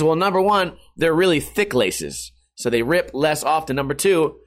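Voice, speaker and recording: A man's voice: a little high, lively intonation, brisk, hardly any pauses. A man, rambling and joking profanely as a streamer talking to his webcam at home. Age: 30s. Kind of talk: casual rambling vlog. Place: hot house. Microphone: webcam setup at home.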